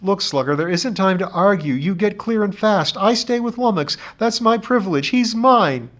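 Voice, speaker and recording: A man's voice: high voice, lively intonation, moderate pace, pitched above the performer's own voice. A man reading aloud who voices a brave, stubborn teenage boy in a grim, determined way.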